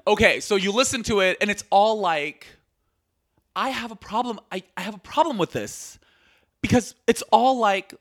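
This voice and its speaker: A man's voice: sits high, normal speed, fairly bright tone. A man guesting on a podcast, talking in an emphatic, heated way in casual chat.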